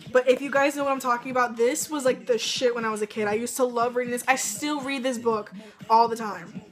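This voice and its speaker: A woman's voice: on the high side, fairly even intonation, fairly quick, soft background music. Chatty, rambling young woman vlogger. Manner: rambling, filler-heavy storytelling. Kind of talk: casual chat to camera.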